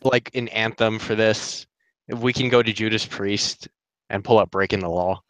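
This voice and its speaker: A man hosting a casual live stream, reading viewer comments aloud and making deadpan jokes. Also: on the low side, moderate pace, no room sound, poor audio.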